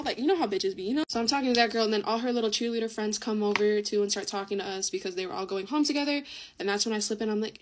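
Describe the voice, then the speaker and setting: Teen girl rambling through a storytime, kinda high voice, lots of swearing. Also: fast talker, slight background noise. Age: teens. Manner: chatty, swears often, acts out quotes. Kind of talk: casual storytime vlog.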